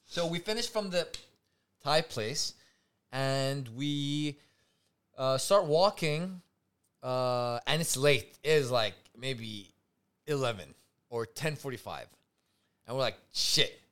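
A man co-hosting a podcast, telling a night-out story in a loose, profane, animated way and acting out what people said. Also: medium pitch, slow pace, long pauses, clear, resonant tone. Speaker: podcast co-host. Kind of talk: casual storytelling chat.

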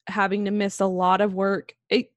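A woman's voice: mid-range voice, little pitch movement, moderate pace, no echo, studio quality. Woman telling a spooky story casually. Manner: laid-back storytelling with fillers and swearing, laughs easily. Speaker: podcast co-host telling a true-crime story.

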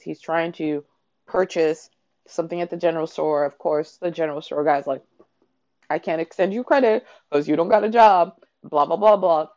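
A woman in a casual book chat, excitable and swearing freely, peppering her talk with fillers as she recaps the plot. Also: low-pitched, dry recording, lo-fi sound. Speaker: book reviewer.

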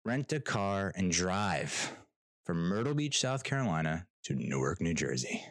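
A young man vents about a travel mishap in a loose, sarcastic storytime rant, laughing and swearing as he goes. His lowish voice swings widely in pitch. The sound is dry and close. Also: sing-song, a little slow, a bit bright, no echo. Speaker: vlogger telling a travel story. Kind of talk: casual ranting storytime.

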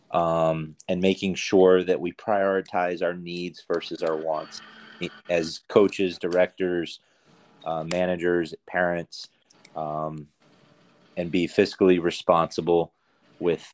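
Co-host, male, very deep and flat delivery, measured and reflective, dry close sound. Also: no room sound. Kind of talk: casual podcast discussion.

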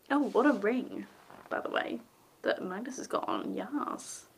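A woman reacting to a show episode by episode in a sarcastic, offhand way. Her voice sits fairly high and swings widely in pitch. She swears freely and thinks out loud. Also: creaky, a little hiss or hum. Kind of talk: casual reaction commentary.

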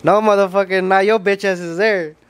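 A man's voice: sits high, fairly even intonation, brisk, clear, resonant tone. A young man co-hosting a podcast, joking and swearing in casual chat and asking questions. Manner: joking, profane, asks questions. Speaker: podcast co-host.

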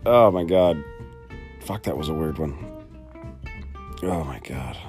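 A young man casually telling a vlog story in a rambling, profane, animated way. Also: rumbling low, takes it slowly, faint music behind. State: sleepy, just woke up. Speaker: vlogger.

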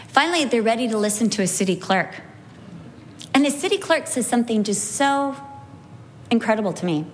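A middle-aged woman teaching from the Bible, telling lively stories and slowing down to stress key points. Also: mid-range voice, slight background noise. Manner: animated storyteller, slows for emphasis. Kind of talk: sermon teaching with anecdotes.

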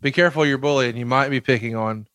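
A man hosting a wrestling podcast, telling deadpan jokes and reading the sponsor spots. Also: mid-range voice, quick pace, no room sound. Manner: dry, joking, reads sponsor ads. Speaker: podcast host. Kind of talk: casual podcast chat.

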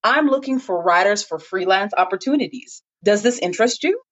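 A woman's voice: mid-range voice, animated, brisk, a bit bright. A woman voicing a confident, businesslike magazine editor on a phone call. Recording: dull lo-fi recording.

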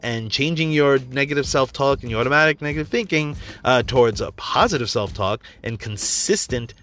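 A man's voice: mid-range voice, lively intonation, fairly quick, fairly bright tone. A man giving a casual motivational talk, blunt and profane, telling a personal story and acting out quotes along the way. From New York area. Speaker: motivational speaker.

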